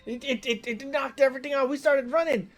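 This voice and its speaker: A man's voice: very high voice, steady tone, brisk, fairly bright tone, pitched above the performer's own voice. A man voicing a frightened young male captive who pleads in a stammering rush. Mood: pleading.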